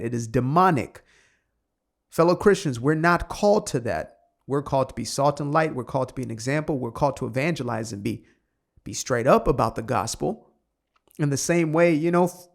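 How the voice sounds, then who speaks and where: A man's voice: medium pitch, gravelly. A man reading an article aloud and commenting on it with sarcastic asides. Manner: sarcastic asides, quick offhand remarks. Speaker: online commentator.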